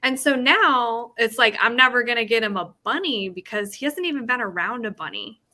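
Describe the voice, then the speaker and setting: A young woman in her twenties chatting casually with a friend, full of fillers and animated about her pet rabbit. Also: fairly high pitch, fairly quick. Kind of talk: casual chat.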